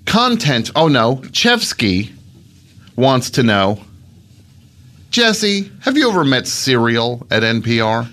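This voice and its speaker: A man's voice: mid-range voice, sing-song, slow pace, a bit bright. Sarcastic man hosting a comedy podcast. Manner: sarcastic, grumbling. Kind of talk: improvised comedy podcast bit.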